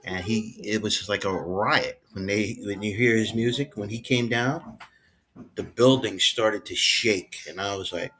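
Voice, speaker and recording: A man, a guest on a podcast, telling backstage stories in an animated, laughing way and acting out what people said. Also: lowish voice, a little hiss or hum. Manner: lively, laughing, acts out quotes. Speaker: guest, former head of wrestling security.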